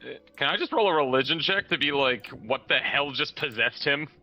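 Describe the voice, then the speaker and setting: A man's voice: on the high side, expressive, fairly quick, pushed and bright, soft background music. A man playing a tabletop game, casual and curious. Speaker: player.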